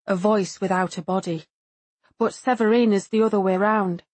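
A woman narrating a first-person audiobook in a measured, introspective way, lightly voicing the other characters. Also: medium pitch, fairly even intonation, a little mellow, dry recording.

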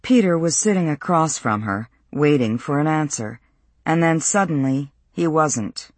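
A man narrating a novel in a measured, even storytelling voice. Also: fairly high pitch, no room sound. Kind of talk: audiobook narration.

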